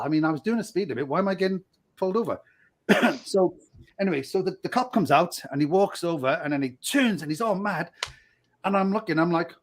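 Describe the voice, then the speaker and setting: Lively high-pitched storytelling man. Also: fairly quick. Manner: animated, acts out quoted voices, laughs often. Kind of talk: casual storytelling.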